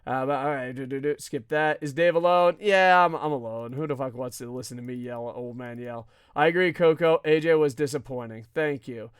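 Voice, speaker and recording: A man hosting a live wrestling podcast alone, ranting loudly and swearing often as he reads viewer comments. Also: medium pitch, brisk, few pauses, clear, resonant tone, no echo, clean studio sound. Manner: loud, profane, often yelling.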